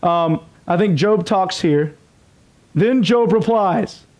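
Man, pastor, sermon, scripture reading with casual asides, slightly high pitch. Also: slow pace, a little mellow. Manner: reads scripture aloud with casual, joking asides.

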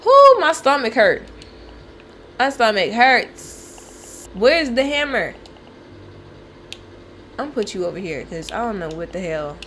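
A woman's voice: medium pitch, animated, a little slow, pauses often, a bit bright, a little hiss or hum. A woman streaming gameplay, talking casually, swearing and yelping when startled. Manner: jumpy, swears and yelps in fright. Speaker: gaming streamer.

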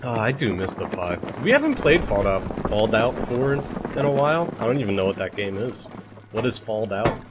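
A young man livestreaming a survival game, chatting to his viewers with animated, self-mocking commentary, swearing and laughing as he goes. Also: lowish voice, a little fast, very noisy. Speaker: streamer. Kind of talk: live-streamed gameplay commentary.

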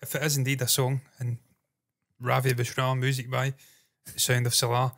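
A man's voice: medium pitch, completely flat delivery, moderate pace, fairly bright tone. A man from the United Kingdom co-hosting a video reaction chat, sweary and sarcastic, prone to ranting asides. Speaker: co-host of a reaction channel.

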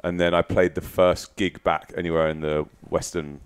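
Man, very low voice, chatty podcast guest who rambles through anecdotes in a home setting. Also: flat delivery, moderate pace, clear, resonant tone. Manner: chatty, tells long anecdotes. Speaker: guest musician. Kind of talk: casual podcast chat. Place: front room of a house.

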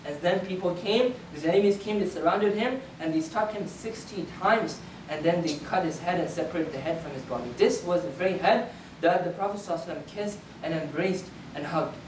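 A man's voice: high voice, brisk, recorded from a distance. A man delivers a Friday sermon as an earnest storyteller, backing up and restarting his phrases as he goes. His voice reaches the mic from across a reverberant prayer hall. A faint hum of background noise sits beneath his words. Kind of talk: Friday sermon, narrating a historical account. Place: prayer hall of a community center.

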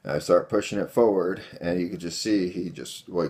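Gravelly low-voiced man telling a story. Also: moderate pace, few pauses, a little mellow. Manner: rambling, many fillers, addresses viewers as guys. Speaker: vlogger telling a home defense story. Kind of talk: casual storytelling to camera.

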